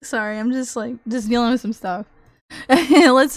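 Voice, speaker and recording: A woman livestreamer in casual chat with her viewers, excitable, swearing freely and laughing often. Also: fairly high pitch, unhurried, dry recording.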